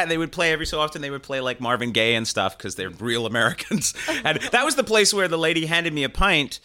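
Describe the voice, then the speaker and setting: A man's voice: fairly high pitch, fast, hardly any pauses. A man telling comedic stories in casual podcast chat, laughing as he goes and saying "like" a lot. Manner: animated, laughing through stories, lots of "like".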